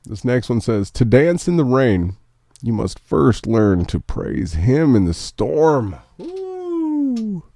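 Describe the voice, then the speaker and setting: A man's voice: medium pitch, huge pitch swings, slow, dark tone, no room sound, clean studio sound. A man hosting a casual morning show, reading memes aloud and talking about his faith in an earnest, emotional way. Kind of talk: casual live-stream chat reading memes.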